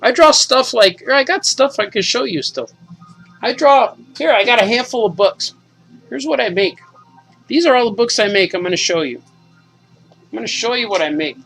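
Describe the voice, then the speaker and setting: A man in his forties, a cartoonist, casually and excitedly reading his comic aloud to kids. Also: extremely high pitch, normal speed, creaky, soft background music, rough recording. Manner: enthusiastic, casual, says "man" a lot.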